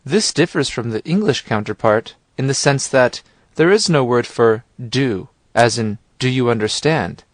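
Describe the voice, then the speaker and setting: A man reads a language lesson in a calm, clear voice, guiding the listener step by step. His pitch sits in the middle range, and the recording is dry and close, with no room sound. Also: unhurried, hardly any pauses, dry recording. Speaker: language course narrator. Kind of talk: scripted instructional narration.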